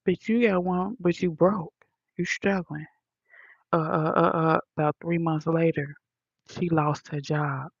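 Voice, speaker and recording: Lady ranting into her headphone mic, low-key and flat, cussing a lot, dull lo-fi sound. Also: a little slow, breathy edge, no echo. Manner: blunt, profane, soft-spoken. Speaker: vlogger. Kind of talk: casual rant to viewers. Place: high-rise condo.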